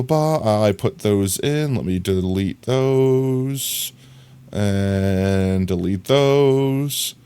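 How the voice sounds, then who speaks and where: A man's voice: mid-range voice, darkish tone, clear, resonant tone. A man streaming live, chatting casually, reading viewers' messages and laughing as he rambles. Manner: rambling, laughing, reads chat aloud.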